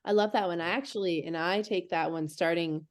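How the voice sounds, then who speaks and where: A woman's voice: lowish voice, fairly quick. A woman hosting a casual group call, chatty and loose, laughing and trailing off as she talks. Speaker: host of a product call.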